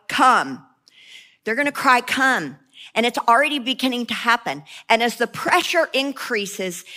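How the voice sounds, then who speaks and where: A woman's voice: high voice, bright, forceful tone. A woman preaching a sermon with passion, mixing joking asides with fervent repeated cries.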